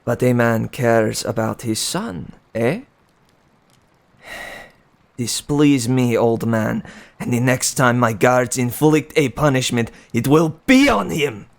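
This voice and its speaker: A man reading a storybook aloud and voicing a cruel king who speaks slowly and with menace. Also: medium pitch, animated, vocal fry. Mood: threatening. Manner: slow, deliberate, menacing. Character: cruel tall king, cold and commanding.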